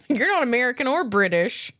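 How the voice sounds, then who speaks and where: A woman trades blunt, playful banter as a podcast co-host. Her voice sits at a middle pitch. It is recorded dry and close. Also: sing-song, moderate pace, fairly bright tone, dry recording. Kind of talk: casual chat.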